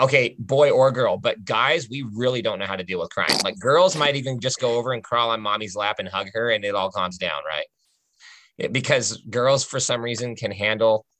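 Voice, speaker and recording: A man tells a personal story of faith in an earnest, chatty way, often pausing to ask "right?" His low voice is bright and forceful. The recording is dry and close. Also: no echo.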